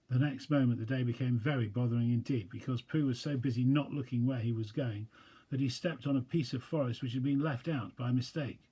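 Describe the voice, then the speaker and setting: A man, a pastor, reading a children's storybook aloud with gentle, chatty asides to young listeners. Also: mid-range voice, steady tone, a little fast, husky.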